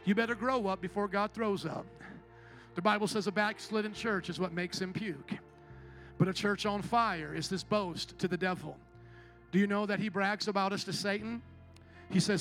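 A man's voice: high-pitched, normal speed, a bit bright, soft background music. A man preaching a sermon as pastor, emphatic and rhetorical, calling out to his congregation for responses.

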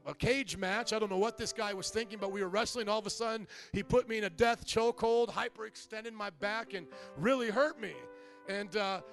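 A middle-aged man preaching a sermon as pastor, telling humorous stories in an animated way. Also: high voice.

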